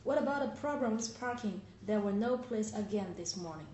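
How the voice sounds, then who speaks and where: A woman's voice: medium pitch, expressive, a little fast, dark tone, natural voice. A woman playing a committee member who speaks in an earnest, insistent way. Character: persistent female committee member. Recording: roomy recording, faint noise.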